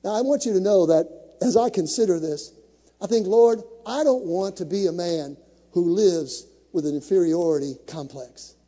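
A man's voice: high-pitched, moderate pace, warm tone, breathy edge, big-room sound. A male pastor preaching a sermon to a congregation, with dramatic build-ups, acting out the scripture stories he tells.

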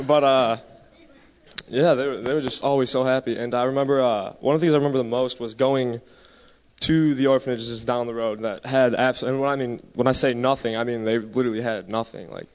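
A man with a mid-range voice gives a halting church testimony, pausing on "uh" and "um." A long reverb follows his voice around the sanctuary. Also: medium pitch, steady tone. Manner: hesitant, many "uh"s, laughs lightly. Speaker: mission trip member giving testimony.

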